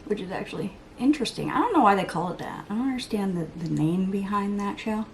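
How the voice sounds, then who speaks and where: Expect quick, expressive speech at a medium pitch with a slightly mellow quality and a light hiss or hum. It comes from a beauty vlogger in her thirties filming a casual get-ready-with-me makeup vlog at home, where she rambles, jokes at her own expense, and sometimes mutters or whispers asides.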